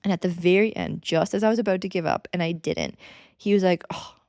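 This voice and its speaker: A woman in her thirties telling a personal story in a chatty, excitable way with lots of fillers, as a podcast host. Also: lowish voice, fast, creaky, no echo, clean studio sound. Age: 30s. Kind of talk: casual storytelling.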